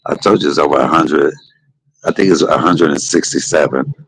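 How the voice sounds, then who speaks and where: This middle-aged livestream host has an extremely low voice with vocal fry and a breathy edge, and he talks fairly quickly. He drifts through memories in a chatty, vernacular storytelling monologue. The recording is low quality, with no room sound.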